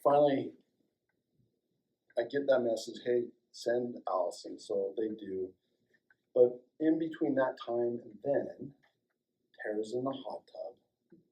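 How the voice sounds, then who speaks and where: An older man from Colorado, a chiropractor, telling a personal story to a small audience, acting out the dialogue and dropping to a hush at tender moments. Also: medium pitch, slow, pauses often, low-quality recording. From Colorado, United States. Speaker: chiropractor and guest speaker.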